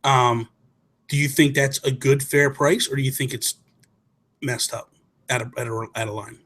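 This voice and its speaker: A man hosting a casual gaming chat show, telling stories in an excited, rambling way and often correcting himself. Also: medium pitch, normal speed. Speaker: podcast host.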